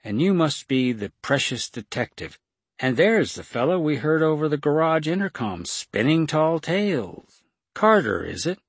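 A man's voice: fairly high pitch, sing-song, normal speed, breathy edge, no room sound, voice pushed up, exaggerated voice. A man voicing a smug female executive villain. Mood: mocking. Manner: smug, commanding. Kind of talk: audiobook narration.

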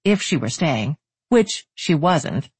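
Husky, breathy audiobook narrator. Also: mid-range voice, sing-song, takes it slowly, a little mellow, no echo.

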